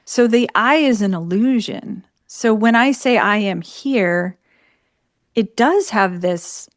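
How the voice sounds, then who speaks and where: A woman's voice: fairly high pitch, lively intonation, measured pace, no room sound, clean studio sound. A woman co-hosting a reflective podcast conversation, thinking aloud in a contemplative way. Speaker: podcast co-host.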